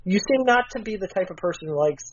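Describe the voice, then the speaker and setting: A man's voice: high-pitched, animated, fast, lo-fi sound, crowd noise. A man in casual podcast chat, challenging his co-host with dry, probing questions.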